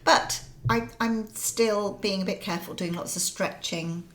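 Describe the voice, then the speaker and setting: A middle-aged woman co-hosting a casual chat podcast, chatty and quick to laugh, in pain from a hip injury. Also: mid-range voice, fairly bright tone. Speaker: podcast co-host.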